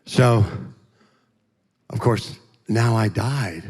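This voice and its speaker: A man giving a testimony as a guest speaker in a church, telling it in an animated, joking way and acting out the voices. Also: fairly low pitch, unhurried. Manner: animated, joking storyteller who acts out voices. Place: church sanctuary. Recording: long church hall reverb.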